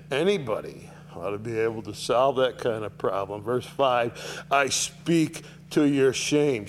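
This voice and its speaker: A man of middle pitch teaches a Bible chapter verse by verse, reading a line and then paraphrasing it. He swings from sharp, raised rebukes to quiet, low asides. A faint hum sits under his voice. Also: takes it slowly. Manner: animated, rising sharply to voice Paul's rebukes, dropping low for asides.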